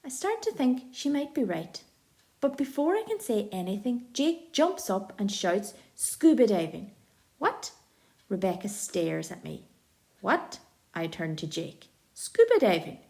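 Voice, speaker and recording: A woman narrating an audiobook in the first person, with lively, expressive storytelling. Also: medium pitch, normal speed.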